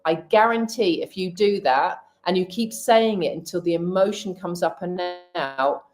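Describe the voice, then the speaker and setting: Lady in her middle years, kinda low voice, chatty and candid on a live stream. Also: moderate pace, a little mellow, soft background music. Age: middle-aged. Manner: candid, chatty, gives practical tips. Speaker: hypnotherapist and healer. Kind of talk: casual live-stream chat.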